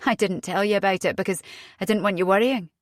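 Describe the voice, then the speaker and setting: A woman voicing an agitated young Scottish mother in an audiobook, speaking urgently with a rising pitch. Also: fast talker, no room sound, clean studio sound, natural voice.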